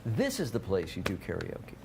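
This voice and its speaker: A man's voice: low-pitched, wildly swooping pitch, moderate pace, gravelly, a little hiss or hum. A man co-hosting a local TV deals show, chatting and teasing his co-host in a playful, easygoing way. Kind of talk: casual on-air banter. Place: local TV studio.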